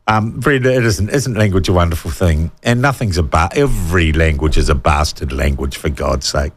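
A man's voice: deep voice, normal speed, slight background noise. A man hosting talkback radio, chatting with callers and reading out listener texts in a jokey manner.

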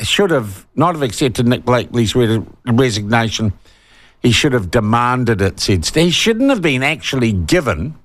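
Heated 60s New Zealand radio host. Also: male voice, mid-range voice. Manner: indignant, emphatic, growing heated. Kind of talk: opinionated talkback radio monologue.

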